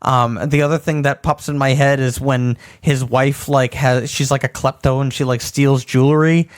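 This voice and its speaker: A man co-hosts a casual video game podcast, animatedly retelling funny scenes from games and laughing as he talks. His voice is mid-range, with flat delivery at a normal speed.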